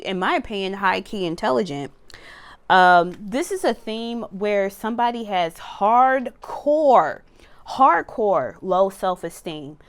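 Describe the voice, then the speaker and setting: Woman tarot reader, mid-pitched and smooth, animated, blunt, swears casually. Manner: animated, blunt, swears freely, laughs and goes off on tangents. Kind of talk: casual tarot reading to camera.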